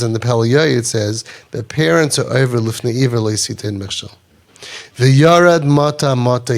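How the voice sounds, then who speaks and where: A man giving a Torah lecture in English with an Orthodox Jewish accent, reading Hebrew quotes and explaining them with repetition for emphasis. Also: on the high side. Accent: Orthodox Jewish English with Ashkenazi Hebrew. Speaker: rabbi teaching a class.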